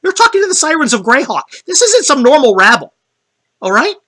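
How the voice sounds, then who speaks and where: Guy putting on a squeaky-high bossy manager, huffing and demanding. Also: big pitch swings, brisk, sharp tone, exaggerated voice. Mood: indignant. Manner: haughty, demanding. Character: pushy indignant male band manager.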